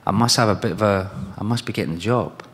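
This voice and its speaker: A man's voice: lowish voice, fast talker, vocal fry, fairly bright tone. A British man in his thirties answering fan questions on stage at a convention, telling long rambling stories and acting out the lines of other people. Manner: rambling anecdotes with acted-out quotes. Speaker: guest at a convention panel. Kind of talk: fan Q&A storytelling. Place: large convention hall with audience. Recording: long reverb of a convention hall.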